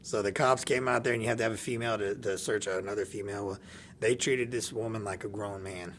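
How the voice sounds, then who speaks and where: Animated man telling a story. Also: lowish voice, quick pace, slight background noise. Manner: animated, laughs often, acts out dialogue. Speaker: podcast guest. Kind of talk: casual storytelling.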